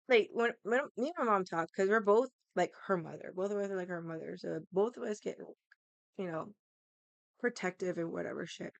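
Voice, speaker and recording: Gravelly-voiced woman streamer telling a story. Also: on the low side, no room sound. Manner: swears constantly, rambling emotional retelling; restarts and fillers, loosely paced. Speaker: livestreamer.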